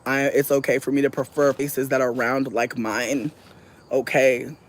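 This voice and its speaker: A woman streamer chatting casually with her viewers, swearing freely and laughing loudly. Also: extremely low pitch, a little slow, slight background noise. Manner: profane, animated, laughs loudly. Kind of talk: casual chat.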